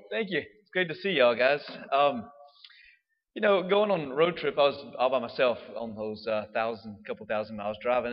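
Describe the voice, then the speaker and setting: A man's voice: mid-range voice, long reverb tail, muffled recording. A man, a priest giving a casual homily, chatty and laughing as he tells stories. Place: church.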